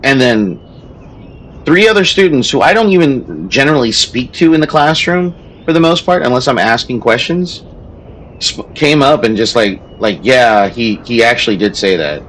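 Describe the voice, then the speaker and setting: A man's voice: mid-range voice, very animated, moderate pace, fairly bright tone, slight background noise, poor audio. A man, a streamer who also teaches, chatting casually while he plays a strategy game, telling a story in a rambling way with many restarts.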